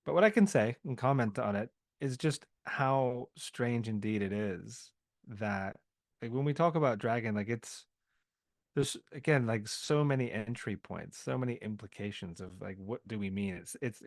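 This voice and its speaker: A man's voice: fairly low pitch, unhurried, no echo. A man from the American South, a podcast guest telling a story in a loose, rambling way full of filler words. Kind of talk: casual podcast conversation.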